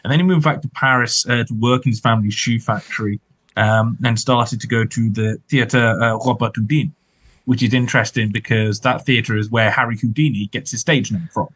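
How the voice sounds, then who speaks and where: A man's voice: mid-range voice, steady tone, brisk, fairly bright tone, husky, dry recording, poor audio. A man chatting casually about film history as a podcast co-host, rambling with lots of fillers and hedges.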